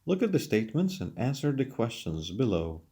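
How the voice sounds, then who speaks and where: A man's voice: mid-range voice, very animated, moderate pace, dark tone, breathy edge. A man teaching English, reading questions and answers from a textbook lesson aloud. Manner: reads questions then answers them aloud.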